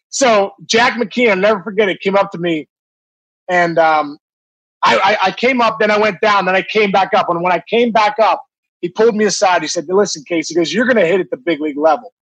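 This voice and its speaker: A man in his forties, a former baseball player, telling a story in casual, animated talk with many fillers and restarts. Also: high voice, fairly quick, breathy edge, no room sound, rough recording.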